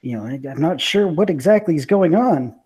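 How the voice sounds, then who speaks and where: A man's voice: fairly high pitch, expressive, brisk, a little mellow, breathy edge, voice pushed up. A man voicing a disheveled, cranky halfling woman who talks bluntly and swears. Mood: wary.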